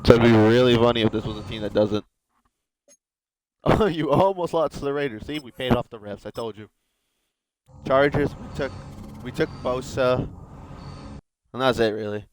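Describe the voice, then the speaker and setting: A young man chatting loosely over a sports video game, joking and rambling to himself as he plays. His commentary is casual and offhand, with a medium-pitched voice. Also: normal speed, long pauses. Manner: joking, rambling self-talk. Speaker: gaming video host.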